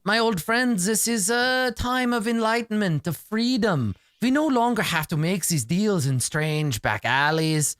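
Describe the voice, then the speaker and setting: A man voicing a condescending, scheming doctor who buys corpses, speaking formally and smoothly. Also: high-pitched, a little slow, hardly any pauses, a bit bright, no room sound, clean studio sound, pitched above the performer's own voice. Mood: smarmy.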